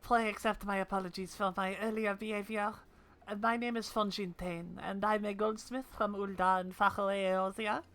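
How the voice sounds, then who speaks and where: A woman voicing a humble, apologetic male goldsmith in a mock French accent while reading game dialogue aloud, slow, soft and formal. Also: mid-range voice, level tone, lightly acted. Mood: earnest.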